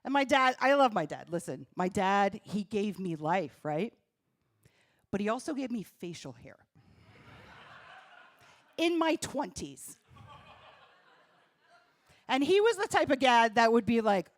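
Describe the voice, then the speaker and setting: A woman's voice: fairly high pitch, big pitch swings, a little slow, long pauses, dry recording. A woman from New doing stand-up comedy on a comedy club stage, punchy and self-deprecating, talking straight to the crowd. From New Jersey.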